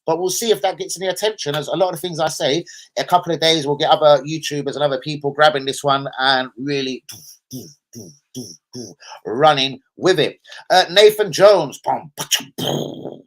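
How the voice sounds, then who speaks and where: A man's voice: fairly high pitch, a little fast, fairly bright tone. A man hosting a football live stream, rambling casually, swearing and bantering with his viewers.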